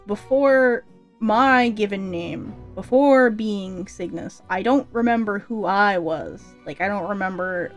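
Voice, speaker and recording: Young adult woman, casual livestream chatter, rambling delivery, mid-range voice over soft background music. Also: mid-range voice. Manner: rambling and chatty, with many fillers and restarts. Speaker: streamer debuting a vampire persona.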